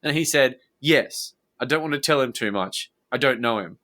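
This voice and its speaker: A man with a bright, forceful voice reads a police statement aloud on a podcast. His delivery is animated and swoops around a lot. He breaks in with sweary, scornful asides. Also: mid-range voice, normal speed. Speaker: podcast co-host.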